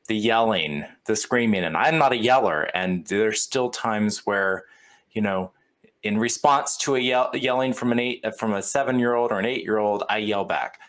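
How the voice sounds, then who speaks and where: A man's voice: lowish voice, fairly bright tone. A man from Houston, hosting a casual interview and talking with many fillers and restarts. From Houston, Texas. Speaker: podcast host.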